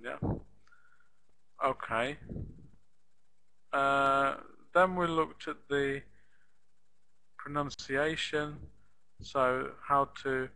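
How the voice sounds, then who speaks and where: Slow, patient male English teacher. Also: mid-range voice, pushed and bright, low-quality recording. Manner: slow, patient explaining with repeated model phrases. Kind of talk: live online class teaching.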